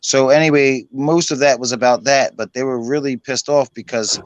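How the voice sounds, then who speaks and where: A man's voice: medium pitch, fairly even intonation, moderate pace. A man hosting a casual online hangout, telling a long, rambling story full of fillers and casual swearing. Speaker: host of an online hangout stream. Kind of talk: casual chat.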